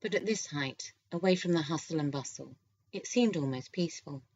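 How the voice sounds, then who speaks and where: Casting: woman audiobook narrator, low voice, calm steady read, slightly dull lo-fi recording. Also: normal speed, breathy edge. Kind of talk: scripted narration.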